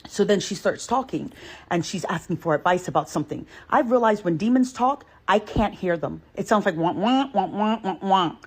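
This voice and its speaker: A woman hosting a reaction channel, telling a storytime to her viewers in an expressive, emphatic way that repeats points and addresses them directly. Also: medium pitch, a little fast, breathy edge. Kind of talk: animated storytime talk to viewers.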